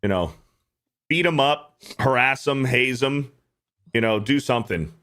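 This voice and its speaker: A man's voice: mid-range voice, animated, unhurried, a bit bright. A man co-hosting a casual livestream, reading donor messages aloud and joking in a profane, mocking way. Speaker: co-host reading super chats.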